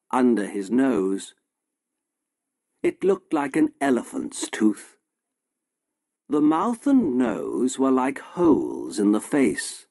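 A man narrating a story in a slow, simple, deliberate way for English learners. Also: medium pitch, creaky, darkish tone, no room sound, clean studio sound.

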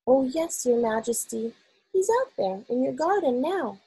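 A woman reading aloud, voicing a polite little girl who answers softly and calmly. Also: high-pitched, a little slow, breathy edge, voice pushed up, heavily acted, poor audio. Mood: timid. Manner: soft-spoken and respectful.

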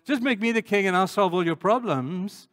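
A man's voice: fairly high pitch, moderate pace, darkish tone, in a large hall, lightly acted. A man voicing a scheming young prince who coaxes people to make him king. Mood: wheedling.

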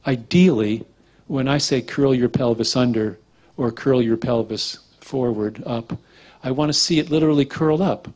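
Loose-talking man giving a bodywork lecture, middle pitch, wanders off into stories and plays out what clients say. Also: normal speed. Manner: relaxed, rambling, acts out quotes. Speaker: structural integration teacher. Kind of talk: casual lecture with anecdotes.

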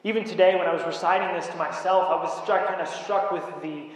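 Man preaching, slightly high voice, deliberate pauses, booming church echo, faint hiss. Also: steady tone. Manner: measured, emphatic pauses on key words. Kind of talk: sermon. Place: church sanctuary.

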